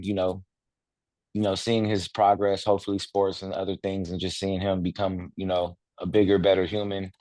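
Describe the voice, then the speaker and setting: Low, flat-voiced man in his thirties. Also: no echo. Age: 30s. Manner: rambling, with many filler phrases and some swearing. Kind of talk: casual personal sharing.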